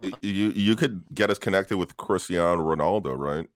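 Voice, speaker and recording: A man's voice: low-pitched, normal speed, no echo, clean studio sound. A man co-hosting a podcast over a video call, chatting loosely with profane jokes and reading out stories. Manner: laid-back, profane banter. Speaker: podcast co-host. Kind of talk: casual chat.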